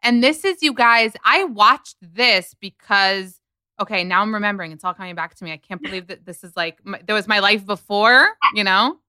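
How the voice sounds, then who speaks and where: A woman's voice: medium pitch, normal speed, pushed and bright, clear, resonant tone, no echo. A woman hosting a podcast, chatting casually and animatedly, telling stories with quoted asides. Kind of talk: casual gossip chat.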